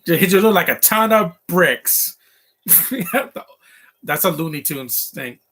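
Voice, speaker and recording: A man gives casual live commentary on a film, chatting and reacting as scenes play. His voice is bright and a touch high, with lively ups and downs in pitch. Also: slow pace. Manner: chatty, quotes film lines along.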